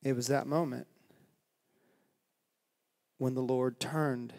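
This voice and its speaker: Male pastor, folksy dramatic storyteller, slow delivery, church reverb. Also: medium pitch, fairly even intonation, mellow. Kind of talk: sermon. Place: church sanctuary. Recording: long reverb of a church hall.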